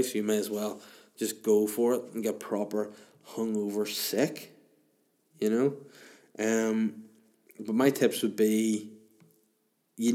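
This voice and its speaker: A man's voice: lowish voice, mellow. A man, hosting a casual chat show and answering listener questions in a rambling, crude, self-mocking way.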